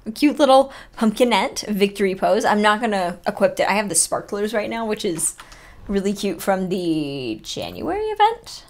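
A young woman chatting excitedly as she opens items on her gaming vlog, full of rambling asides. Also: mid-range voice, moderate pace. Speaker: gaming vlogger. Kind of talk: casual unboxing commentary.

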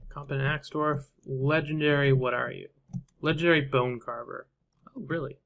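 A man's voice: medium pitch, steady tone, normal speed, vocal fry, fairly bright tone. A man casually commentating his own strategy game play, thinking aloud and trailing off with fillers and half-finished thoughts. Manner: musing to himself, trailing off with fillers. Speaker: gameplay commentator.

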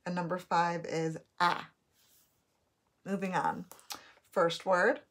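A woman teacher giving a recorded spelling test, dictating words slowly and repeating each one. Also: lowish voice, flat delivery, a bit bright.

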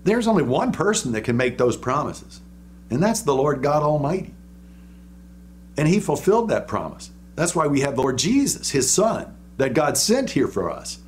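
A man's voice: a little high, sing-song, moderate pace, a little hiss or hum. A man preaching in an informal, conversational way, walking through a Bible passage with restarts and dramatic quoting.

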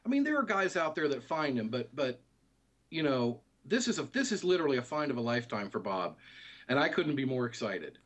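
A man, a guest in a casual interview, explaining things in a relaxed, easygoing way. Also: medium pitch, brisk.

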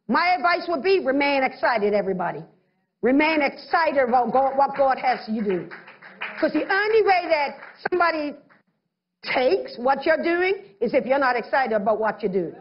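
A woman's voice: high voice, lo-fi sound. A woman pastor preaching a sermon, acting out little voices of others as she goes.

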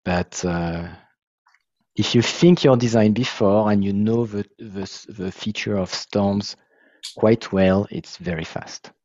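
Brief French man, founder type, halting English, dull dry call audio. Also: fairly low pitch, darkish tone, dry recording. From France. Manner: halting, restarts, searches for English words. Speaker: software founder presenting his tool. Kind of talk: casual video-call discussion. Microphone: video call.

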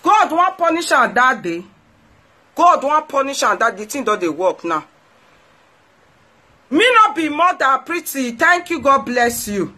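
A woman's voice: high-pitched, sing-song, measured pace, pauses often, sharp tone. A woman with a Nigerian Pidgin accent, hosting her own show and scolding someone in an indignant rant, repeating phrases for emphasis. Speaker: host. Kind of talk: ranting monologue to followers.

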